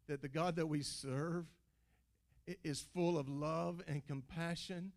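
A man, a pastor preaching a sermon in a church, animated and stammering, with folksy phrasing and call-outs to the congregation. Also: on the high side, unhurried, vocal fry. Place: church building.

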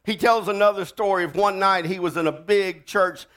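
A man preaching a sermon, telling stories dramatically and swinging from loud to hushed. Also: high voice, steady tone, normal speed. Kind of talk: sermon storytelling.

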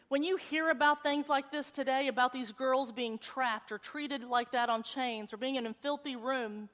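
A woman in her forties delivers a church sermon in a high, bright-pitched voice. Her manner is animated and conversational, drifting easily into storytelling. The sound rings with a long reverb from a large church hall. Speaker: preacher.

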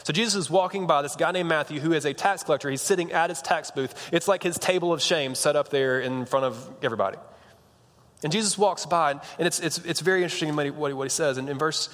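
Young male pastor, laid-back conversational sermon, slightly high voice, long hall echo. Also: fast talker, a bit bright. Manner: casual, conversational preaching with slang and restarts.

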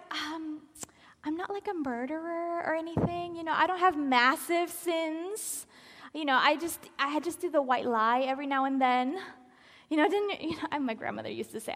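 High-pitched woman preaching, animated, goes quiet almost whispering sometimes, lots of hall echo. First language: Spanish. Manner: expressive, animated, acts out quoted lines; drops to soft near-whispers for emphasis. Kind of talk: sermon. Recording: long hall reverb.

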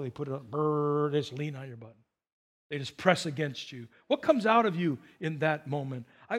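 A male pastor preaching a sermon, animated, moving between loud high emphasis and quiet low asides.

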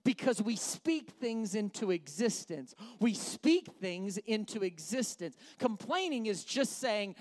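A man preaching a sermon as pastor, emphatic and repetitive, swinging from loud lines to hushed ones. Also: high-pitched, big pitch swings, unhurried, few pauses.

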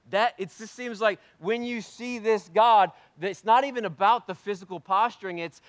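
A man preaching a sermon with a fairly high voice, close and dry on the mic. He swings from quiet, intimate passages to loud, emphatic ones, answering his own rhetorical questions. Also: moderate pace, hardly any pauses, no room sound. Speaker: pastor.

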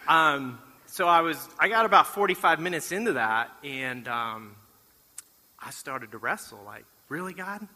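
A middle-aged man shares a testimony from the front of a church, his voice very bright and clear. He tells the story with lively acted-out dialogue and self-deprecating jokes, and the sound rings out with the long reverb of a large hall. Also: fairly high pitch, unhurried. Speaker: church mission trip speaker. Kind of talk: testimony talk to a congregation.

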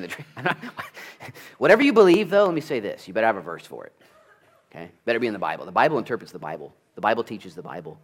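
A man preaching a sermon at a church, conversational and animated, full of asides and rhetorical questions. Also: lowish voice. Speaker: pastor.

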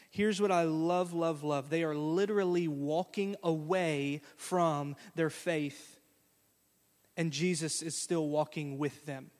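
A man preaching a sermon as pastor, folksy and conversational, acting out quotes in a lively way. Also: a little high, takes it slowly. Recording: long hall reverb.

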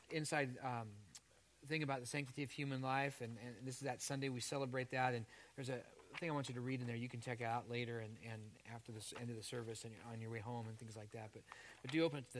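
A man's voice: medium pitch, fairly bright tone, a little hiss or hum. A man from Canada, a pastor delivering a sermon in a chatty, joking way that teases the congregation. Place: church service before a congregation.

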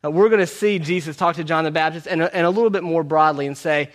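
Man preaching, conversational, repeats key lines, a bit high-pitched. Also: quick pace. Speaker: pastor. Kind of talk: sermon teaching through a book.

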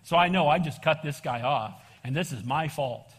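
A man pastor preaching a sermon, animated and casual, calling for amens and calling people "bro". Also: on the high side, moderate pace, slightly rough. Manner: casual slang, says "bro". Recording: long reverb of a church hall.

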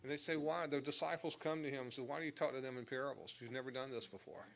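A man's voice: mid-range voice, quick pace, gravelly, a bit bright, muffled recording, slight background noise. A man teaching a Bible lesson, explaining verse by verse and stressing key words. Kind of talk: sermon.

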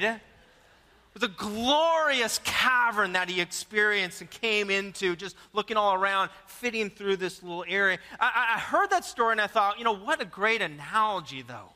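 A man pastor preaching a sermon, telling a story with lively repetitions and jokes to his congregation. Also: sits high, normal speed, slight background noise. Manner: animated storytelling with repeated words and jokes. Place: church sanctuary. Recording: long church reverb.

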